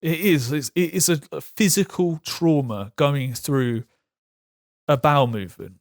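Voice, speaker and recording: A man's voice: on the high side, no echo. Candid man, dry close sound. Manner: frank, halting, laughs through hard topics. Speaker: vlogger sharing patient experience. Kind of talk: candid personal talk to camera.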